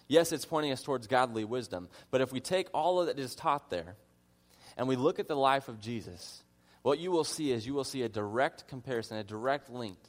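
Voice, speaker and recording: A man preaching a conversational sermon as a pastor, earnest in his teaching and mixing in humorous personal asides. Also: medium pitch. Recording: long reverb of a large hall.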